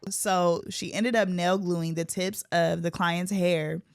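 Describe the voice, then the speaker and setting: A woman's voice: on the low side, fairly even intonation, takes it slowly, smooth, dry recording, clean studio sound. A woman hairstylist from California chatting casually and slangily with her co-hosts. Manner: laid-back, slangy. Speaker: hairstylist host. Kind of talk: casual chat.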